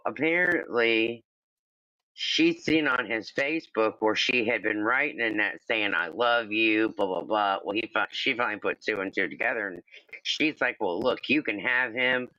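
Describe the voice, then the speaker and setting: A man's voice: medium pitch, pushed and bright, dry recording, muffled recording. A man chatting casually on a livestream, telling a long rambling story and acting out the other people's lines. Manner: rambling storyteller, acts out quoted dialogue.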